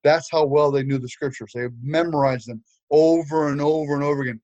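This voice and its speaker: Animated older man telling a sermon story. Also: a little high, fairly quick, no room sound, muffled recording. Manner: animated, humorous, many fillers and restarts. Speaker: preacher.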